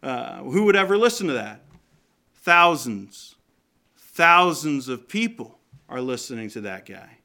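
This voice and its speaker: Bright-voiced man preaching a sermon. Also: medium pitch, very animated, measured pace. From Canada. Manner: conversational, asks the congregation questions.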